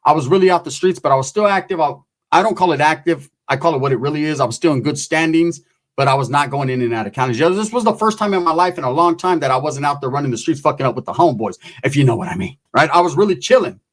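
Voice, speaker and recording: A man's voice: fairly high pitch, animated, fast. Slangy, profane storyteller man. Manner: loose, profane, slangy storytelling with frequent "right?" asides. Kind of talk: casual storytelling.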